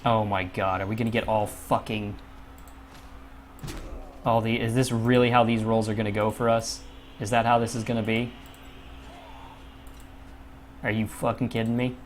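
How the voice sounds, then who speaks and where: A man's voice: on the low side, little pitch movement, normal speed, long pauses, slight background noise. A young man commentating his own gameplay, often frustrated, swearing and muttering to himself. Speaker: gaming YouTuber.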